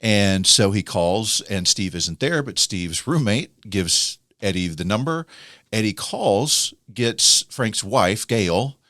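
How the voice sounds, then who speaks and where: A man co-hosting a podcast, telling music history stories in a casual, animated way and acting out quoted people. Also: lowish voice, takes it slowly, no room sound, studio quality. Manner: animated storyteller, acts out quoted voices. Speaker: podcast co-host. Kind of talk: casual storytelling chat.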